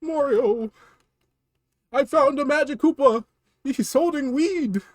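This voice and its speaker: A man on a game stream voicing a needy, tearful adult male plumber brother in a weird, shaky, high voice that breaks into sobs. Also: slow pace, no echo, studio quality. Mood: wailing. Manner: wailing, pleading, cracking into sobs. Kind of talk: comedic character voice on a game stream.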